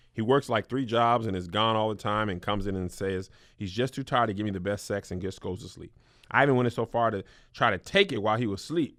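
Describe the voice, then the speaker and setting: A man hosting a comedic advice show, reading viewer letters aloud and then riffing on them with loud mock outrage. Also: lowish voice, no echo, studio quality. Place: small studio.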